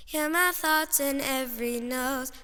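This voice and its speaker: A woman singing short, gentle musical phrases in a soft, even voice. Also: high voice, measured pace, in a large hall, faint music behind. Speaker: singer. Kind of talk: gentle sung musical example.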